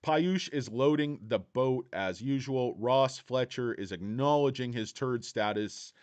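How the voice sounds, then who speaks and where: A man's voice: mid-range voice, a little slow, darkish tone. A man hosting a casual stock market livestream, brash and profane, talking to viewers and reading their chat.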